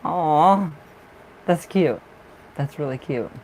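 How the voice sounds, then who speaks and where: A man's voice: on the high side, expressive, slow, a little mellow, slight background noise, rough recording. A man doing a live tarot reading who chats casually with viewers, gushing and affectionate, often restarting and repeating himself. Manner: chatty with frequent restarts and repeats. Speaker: tarot reader. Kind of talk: casual livestream chat.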